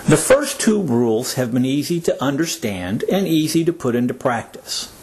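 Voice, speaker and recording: A man with a North American accent teaching English word stress, speaking deliberately and stressing words for learners to repeat. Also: medium pitch, big pitch swings, darkish tone, breathy edge. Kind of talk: slow scripted lesson narration.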